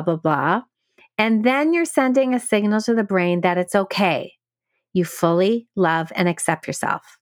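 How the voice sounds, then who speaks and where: A woman podcast host calmly explaining a self-help technique step by step, playing with stress on certain words. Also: medium pitch, dry recording, studio quality. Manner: calm, guiding, plays with stress on words. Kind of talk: instructional explanation.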